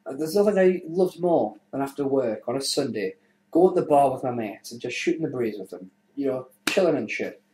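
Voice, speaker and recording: A man's voice: medium pitch, expressive, brisk, dark tone, a little hiss or hum, natural voice. A man voicing a homesick castaway who misses his mates, talking wistfully. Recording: roomy echo.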